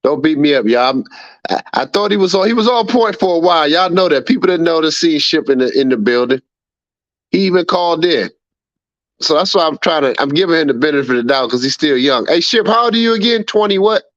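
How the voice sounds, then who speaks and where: A man's voice: fairly high pitch, expressive, fast, fairly bright tone, no echo, lo-fi sound. A man hosting a livestream and reading chat aloud, laughing often, repeating himself and scolding a viewer. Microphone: streaming setup mic.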